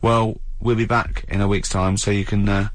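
A man hosting a comedy radio show, telling animated stories and laughing often. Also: fairly low pitch, moderate pace, dry recording.

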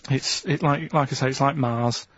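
A man's voice: medium pitch, fairly even intonation, moderate pace, a bit bright, slightly rough, dry recording. A man in casual chat, telling a rambling story with many fillers. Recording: dry lo-fi recording.

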